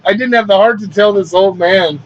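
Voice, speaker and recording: A man's voice: high voice, fairly quick. A man who hosts a podcast and wrestles professionally, telling a story casually, laughing often and swearing freely. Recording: dull lo-fi recording with faint hiss.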